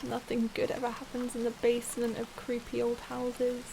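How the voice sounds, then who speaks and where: A woman's voice: fairly high pitch, monotone, moderate pace, gravelly, background noise. A woman hosting a let's play, commenting nervously as she explores, often dropping to a whisper and giving anxious laughs. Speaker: gaming video host.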